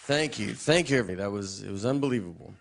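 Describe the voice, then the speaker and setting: A man doing a stand-up comedy set, telling stories in a deadpan way with low muttered asides. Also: rapid-fire, vocal fry. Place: theater stage with a laughing audience. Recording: live stage audio with audience noise.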